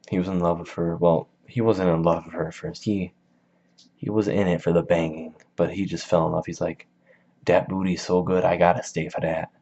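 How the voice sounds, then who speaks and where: A man's voice: deep voice, mellow. A man giving a casual book summary in a slangy, rambling, jokey way, in a dull lo-fi recording. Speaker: video host.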